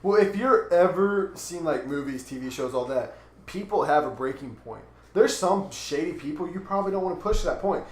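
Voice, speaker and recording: This podcast co-host, a young man with a Texan accent, sounds fairly high, expressive, and quick. In an echoey room, he tells a story and rants through a casual chat laced with profanity.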